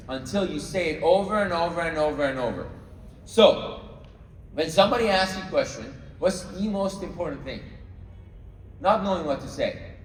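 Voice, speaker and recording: Male sales trainer, slightly high voice, live to a crowd, distant mic, roomy reverb. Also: a little hiss or hum. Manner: coaching, checks in with the audience often. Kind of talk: live training talk to a room. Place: large room with an audience. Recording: echoey hall, mic far off.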